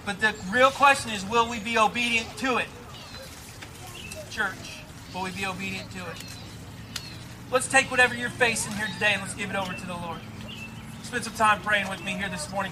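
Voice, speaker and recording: High-voiced, bright male pastor preaching. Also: fairly even intonation, normal speed, long pauses, slight background noise. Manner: earnest, repetitive preaching cadence. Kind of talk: sermon with closing prayer. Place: outdoors on a lawn at a church service.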